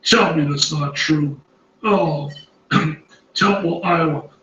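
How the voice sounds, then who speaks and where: A man's voice: fairly high pitch, takes it slowly, bright, forceful tone, roomy sound, recorded from a distance, poor audio. A man reacting as a college basketball analyst, exclaiming emphatically and repeating his phrases in disbelief. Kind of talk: excited studio reaction commentary.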